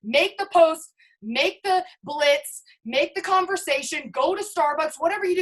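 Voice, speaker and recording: A woman with a bright, high-pitched voice delivers an all-in motivational pep talk to her team. She is hyped and emphatic and keeps turning to address her listeners directly. The sound comes through a video call. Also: normal speed, poor audio. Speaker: network marketing team leader.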